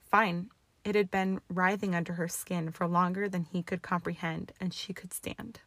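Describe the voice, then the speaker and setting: Woman narrating a story, low and dry. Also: little pitch movement, normal speed, no room sound. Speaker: audiobook reader. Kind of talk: reading fan fiction aloud.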